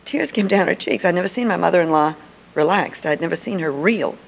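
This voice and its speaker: An older woman tells a personal story and acts out the dialogue vividly. Her voice has a gravelly edge. The recording is a muffled, lo-fi archive. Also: lowish voice, brisk. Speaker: Christian speaker.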